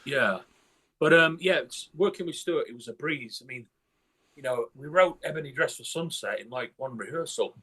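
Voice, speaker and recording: A man's voice: medium pitch, lively intonation, normal speed, a bit bright, breathy edge. A man from northern England talking bluntly in a casual interview, swearing a lot and restarting his sentences. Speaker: guest musician.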